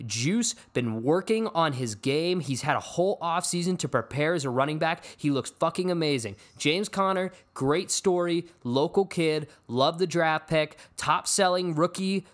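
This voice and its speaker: A man's voice: on the high side, expressive, measured pace, hardly any pauses. Profane ranting man on sports. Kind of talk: casual sports rant.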